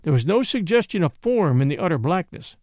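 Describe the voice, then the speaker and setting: High-voiced guy reading a story aloud, really lively, gravelly, dry close mic. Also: brisk, no echo. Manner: expressive storytelling with varied character voices. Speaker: narrator. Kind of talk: audiobook reading.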